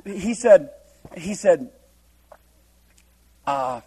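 High-voiced playful male preacher. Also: lively intonation, very slow, mellow, husky, poor audio. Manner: playful, laughs often, acts out scenes in voices. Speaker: preacher teaching a Bible study. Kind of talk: humorous verse-by-verse sermon.

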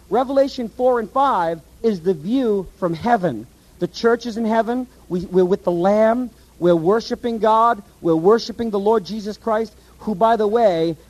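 A man preaching a sermon and teaching from the Bible, animated and asking his listeners questions. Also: sits high, low-quality recording. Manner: animated, asks the audience questions.

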